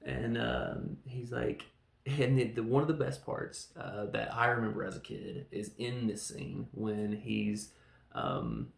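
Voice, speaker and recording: A man hosting a casual film review, excitable and rambling, acting out scenes in quick voices. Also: lowish voice, creaky, reverberant. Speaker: podcast host reviewing a film.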